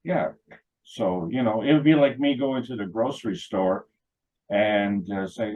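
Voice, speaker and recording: Husky, low-voiced man telling rambling anecdotes. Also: unhurried, a little mellow, rough recording. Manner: rambling, anecdotal, many "you know" fillers; acts out quoted dialogue in funny voices. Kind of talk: casual chat.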